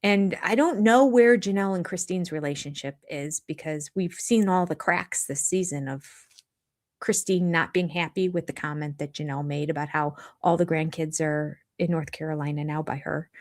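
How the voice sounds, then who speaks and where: An older woman chats live with her viewers, her voice sitting a little low. She rambles casually, restarting her sentences and slipping into quoted asides as she goes. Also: normal speed. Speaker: livestream host of a reality TV recap channel.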